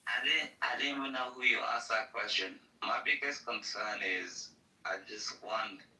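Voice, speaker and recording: A man's voice: on the low side, normal speed, pushed and bright. A man in casual political chat, talking in a heated, profane, repetitive way. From Australia. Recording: roomy, distant mic.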